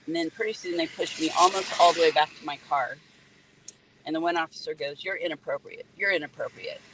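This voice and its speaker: A middle-aged woman who works as an EMT and is a grieving mother speaks earnestly from a parked car at the roadside, recounting details and pointing out spots. Her deep voice moves fairly quickly with a fairly even intonation, and there is background noise. It is an emotional first-person account.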